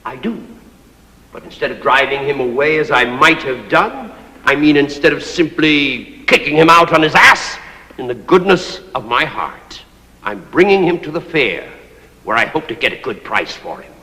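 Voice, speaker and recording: A man's voice: medium pitch, big pitch swings, moderate pace, bright, forceful tone. A stage actor playing a pompous, overbearing old man who rules a servant, declaiming grandly. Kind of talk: stage play performance. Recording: echoey stage hall recording.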